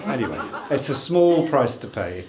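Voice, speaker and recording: A man in his sixties giving a jokey wedding speech as the groom, telling stories with lively timing. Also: medium pitch, normal speed, very noisy. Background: laughing wedding crowd.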